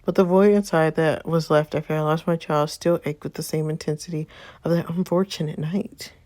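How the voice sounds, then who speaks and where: A woman's voice: low voice, steady tone, a little fast, darkish tone, no echo, close to an everyday voice. Woman reading as a vengeful young mother. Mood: reflective. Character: vengeful young mother narrating her past. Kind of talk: reading a story game aloud.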